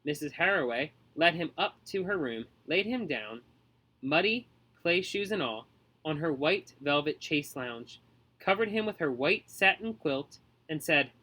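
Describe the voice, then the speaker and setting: Expressive male storybook narrator. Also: a little high. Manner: expressive, measured. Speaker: audiobook narrator.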